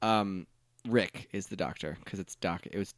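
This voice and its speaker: A man co-hosting a movie podcast, reacting excitably and cracking jokes in casual chat. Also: low voice, moderate pace, dry recording, studio quality. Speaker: podcast co-host.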